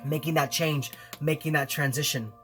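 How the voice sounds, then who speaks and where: A man's voice: fairly high pitch, steady tone, normal speed, a bit bright, faint music behind. A man giving a weekly tarot reading to camera in an earnest, encouraging way, often repeating phrases for emphasis. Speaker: tarot reader.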